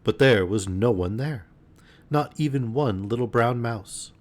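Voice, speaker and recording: A man reading a storybook aloud in a gentle, unhurried bedtime manner on a live stream. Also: medium pitch.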